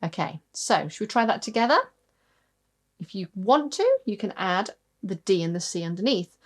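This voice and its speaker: A woman's voice: medium pitch, expressive, moderate pace. A woman giving an online harp lesson, patient, counting aloud and singing out rhythms as she explains. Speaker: harp teacher. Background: harp playing.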